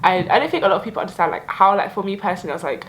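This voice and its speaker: A woman's voice: mid-range voice, expressive, very fast, poor audio. Young female vlogger, sincere and emotional, loose chatty delivery with many likes. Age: young adult. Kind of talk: reflective year-end vlog.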